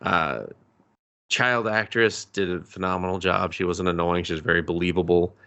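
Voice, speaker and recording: A man's voice: low-pitched, moderate pace, pushed and bright, clear, resonant tone. A man co-hosting a podcast, chatting casually as he retells a movie and acts out the characters' lines. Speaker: podcast co-host. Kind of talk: casual movie review chat. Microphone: podcast microphone.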